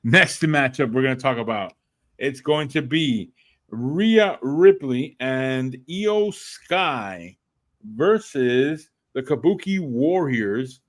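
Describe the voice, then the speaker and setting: A man's voice: medium pitch, animated, slow. A man co-hosting a casual wrestling predictions podcast, dryly moderating the picks and pushing back on teasing. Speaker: podcast co-host running the picks.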